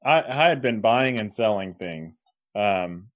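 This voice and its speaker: A man's voice: fairly low pitch, animated, takes it slowly. A man co-hosting a podcast in casual chat, rambling with restarts and laughing mid-sentence. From Kansas. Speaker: podcast co-host.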